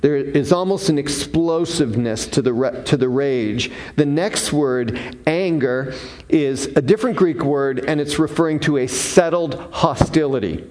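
A man preaching a sermon, defining terms one by one with deliberate, emphatic pauses. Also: fairly high pitch, darkish tone. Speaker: pastor.

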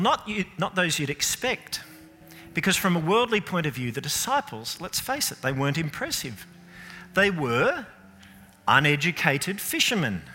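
A man preaching a sermon, asking the room rhetorical questions and swinging between loud and soft. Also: a little high, long reverb tail.

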